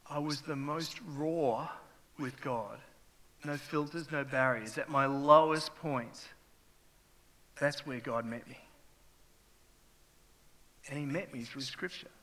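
A man's voice: mid-range voice, fairly bright tone. A middle-aged man, preaching a sermon as a pastor and telling a raw, emotional personal story. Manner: raw, emotional testimony with rising intensity. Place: church hall. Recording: long reverb of a large hall.

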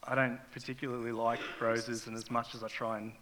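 A man's voice: medium pitch, flat delivery, fairly quick, pushed and bright, a little hiss or hum. A middle-aged man, preaching a sermon as a pastor and telling a raw, emotional personal story. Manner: raw, emotional testimony with rising intensity. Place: church hall. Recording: long reverb of a large hall.

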